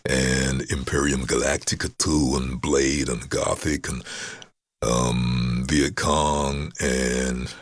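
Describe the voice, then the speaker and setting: A man with an extremely low baritone and a husky grain to his speech. He is a middle-aged voice-over artist chatting in an interview, telling lively stories and acting out the people he quotes. The sound is dry, with no room echo. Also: takes it slowly. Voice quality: deep baritone. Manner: storytelling, animated, acts out quoted voices. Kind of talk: casual interview over remote call.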